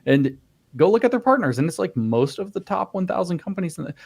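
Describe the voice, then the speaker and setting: A man with a fairly high voice holds forth in a loose podcast conversation. He rants in a mocking, animated way and swears without hesitation. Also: fast talker, vocal fry. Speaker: podcast panelist. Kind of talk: casual podcast chat.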